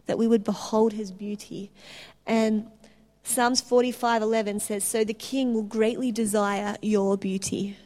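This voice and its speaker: A woman preaching a sermon, telling stories in an animated way with restarts. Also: mid-range voice, measured pace. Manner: animated storytelling with laughs and restarts.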